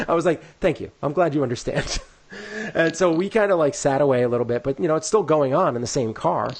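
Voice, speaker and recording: A man co-hosting a casual podcast tells a long, rambling story peppered with "like" and "you know," acting out the people he quotes in lively voices. His voice is on the high side and his delivery brisk.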